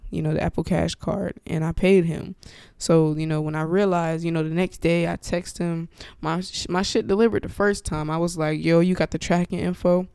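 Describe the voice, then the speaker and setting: A woman hosting her podcast from home tells her story bluntly and with lots of profanity, acting out what everyone said. Her voice has a gravelly, fry-edged texture that still comes through smooth and clear. The recording is close and dry, with no room sound. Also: sits low, no room sound. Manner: profane, blunt and animated, acts out quoted exchanges. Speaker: podcast host. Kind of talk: casual storytelling chat. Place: at home, with her dog nearby. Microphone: podcast mic, wearing headphones.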